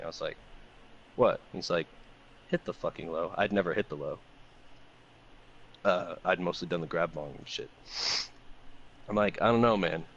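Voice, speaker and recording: A man co-hosting a podcast, telling a long profane party story in a loose, animated way. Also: deep voice, creaky, lo-fi sound, a little hiss or hum. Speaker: podcast co-host. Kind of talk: casual storytelling chat.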